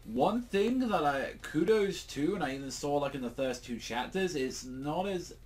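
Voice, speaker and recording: A man's voice: a little high, lively intonation, moderate pace, darkish tone. A young British man casually reviewing a manga chapter, rambling with many fillers and swearing, and jumping into exaggerated quoted voices. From Britain. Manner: rambling, lots of fillers and swearing, acts out quotes in jumpy bursts. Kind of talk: casual solo review chat.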